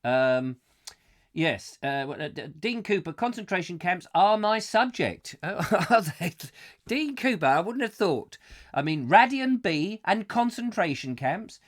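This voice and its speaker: A man's voice: on the high side, sing-song, unhurried. A man hosting a comic live chat show, rambling as he reads out viewer comments and drifts into silly voices. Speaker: host.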